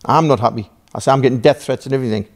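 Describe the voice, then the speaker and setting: A man's voice: mid-range voice, very fast. A man with a Geordie accent, a podcast guest telling a long story with lots of swearing, rambling asides and acted-out back-and-forth dialogue. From Newcastle, England. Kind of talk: casual storytelling.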